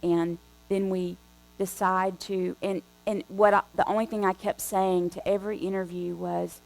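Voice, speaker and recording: A woman guest preacher telling a story in a conversational, animated way from the pulpit. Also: mid-range voice, creaky, rough recording. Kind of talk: storytelling sermon. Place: church sanctuary.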